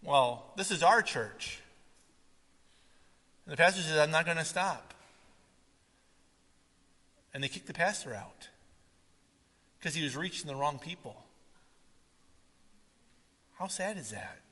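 A man preaching a sermon, swinging from loud, animated retellings to quiet, earnest asides. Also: on the high side, unhurried, pauses often, slightly rough. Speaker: pastor. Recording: long reverb of a hall.

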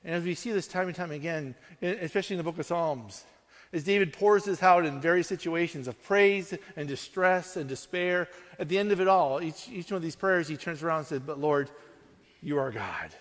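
A man preaching a sermon as pastor, earnest and conversational, often checking in with his listeners with a quick "right?". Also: fairly high pitch, big-room sound.

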